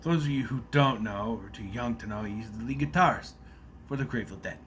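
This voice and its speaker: A man's voice: medium pitch, fairly quick, a bit bright, slight background noise. A man casually recapping a movie plot in a rambling, loose way, swearing freely as he goes.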